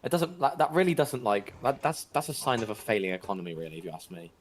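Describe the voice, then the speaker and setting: A man's voice: mid-range voice, big pitch swings, fast talker. A man on a voice call, chatting casually and jokily, reading out viewer messages. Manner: jokey, reads out chat messages. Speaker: friend on a call reading chat. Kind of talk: casual chat. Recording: noisy background.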